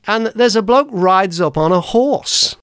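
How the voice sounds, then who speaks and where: A man's voice: high-pitched, animated, unhurried, fairly bright tone, clean tone, no echo, clean studio sound. A man hosting a podcast, telling personal stories in a rambling way, with lots of restarts and laughs. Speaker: podcast host. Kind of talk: casual chat, personal storytelling.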